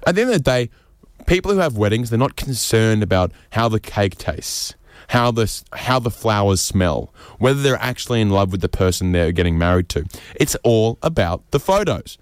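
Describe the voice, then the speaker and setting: Man, comic monologue, rambling, lively, dry close sound. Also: lowish voice, moderate pace, smooth, no echo. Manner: animated, jumps into mocking voices; rambling, with fillers and restarts. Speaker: comedian. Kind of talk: comedic monologue.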